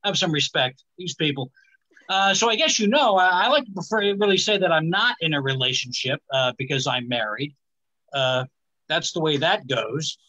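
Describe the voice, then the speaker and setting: A male stand-up comedian on a live stage, delivering his set with a halting manner and many "uh" fillers. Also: fairly high pitch, animated, sharp tone, highs cut off. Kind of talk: stand-up routine.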